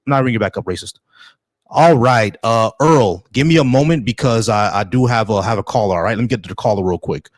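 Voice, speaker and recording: A man's voice: fairly low pitch, no echo, studio quality. Blunt man hosting a call-in debate. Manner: blunt, repeats himself, halting restarts. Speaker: debate stream host.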